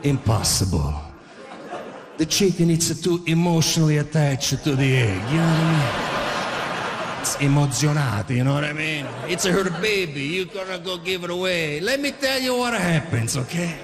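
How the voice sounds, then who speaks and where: A man putting on the voice of his older Italian immigrant father, with a thick Italian accent and broken English, making loud theatrical threats in a stand-up routine. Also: a little high, lively intonation, moderate pace, a crowd in the background, close to an everyday voice. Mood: explaining. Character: hot-tempered older Italian immigrant dad. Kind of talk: stand-up comedy impression. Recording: reverberant room with clear ambient noise.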